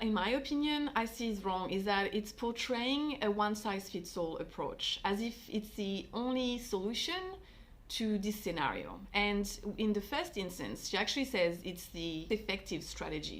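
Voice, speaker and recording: A woman hosting a parenting vlog, talking through her views in a thoughtful, conversational way with frequent fillers. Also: mid-range voice. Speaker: parenting channel host. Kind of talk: reflective commentary vlog.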